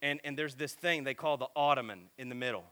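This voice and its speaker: A middle-aged man preaching a sermon in a casual, animated, self-deprecating storytelling way. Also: medium pitch, fast, smooth. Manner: animated, self-deprecating, lots of filler and repeats.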